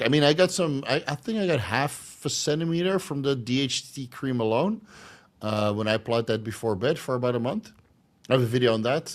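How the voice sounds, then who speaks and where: A man hosting a casual livestream Q&A, rambling and crude, laughing often and filling pauses with ums and uhs. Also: lowish voice. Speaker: channel host answering live chat questions.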